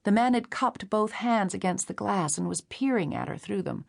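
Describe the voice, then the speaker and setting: A woman narrating a novel in a steady, measured storytelling manner. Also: mid-range voice, gravelly. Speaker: audiobook narrator. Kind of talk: scripted narration.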